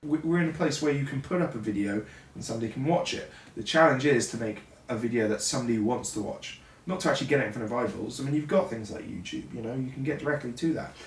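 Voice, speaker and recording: A man's voice: medium pitch, fast. A man co-hosting a vlog, chatting candidly with jokes and a few stammered restarts. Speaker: filmmaker and co-host. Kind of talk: casual chat. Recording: roomy echo, distant mic.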